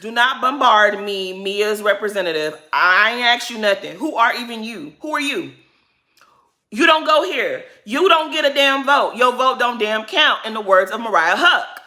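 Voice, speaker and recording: A woman's voice: mid-range voice, very animated, measured pace, bright, forceful tone. A woman giving a casual, blunt and sassy recap of a reality show, with plenty of cursing.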